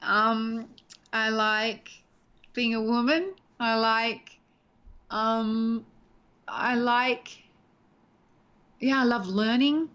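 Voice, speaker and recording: A middle-aged woman, a guest actress, telling stories in a chatty, animated way in a casual interview from home. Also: on the high side, extremely slow, long pauses, smooth. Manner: chatty, animated storyteller, laughs easily. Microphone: home video call. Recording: dull lo-fi call audio.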